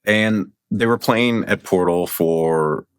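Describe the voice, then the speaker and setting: A man with a very low voice, a podcast guest talking in a loose, rambling way. He sounds excited about his subject and keeps reaching for "like" as he goes. The recording is close and dry, with no room sound. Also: slow, clear, resonant tone, no echo. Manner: rambling, enthusiastic, heavy use of "like". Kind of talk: casual conversation.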